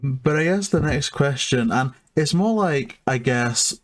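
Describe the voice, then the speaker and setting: A man's voice: mid-range voice, animated, measured pace. A young man co-hosting a casual interview, enthusiastic and leaning on fillers like "like". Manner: enthusiastic, filler-heavy with lots of "like". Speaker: podcast co-host interviewer.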